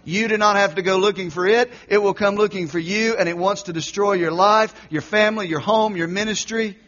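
High-voiced preacher, wide dynamic swings. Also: male voice, fairly quick, highs cut off. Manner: preaching with big swings from loud exhortation to quiet intensity. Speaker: pastor. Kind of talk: sermon.

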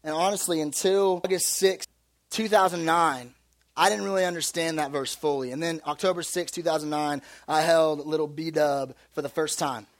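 A young adult man preaching a sermon as pastor, with lively, conversational storytelling and humor. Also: on the high side, moderate pace.

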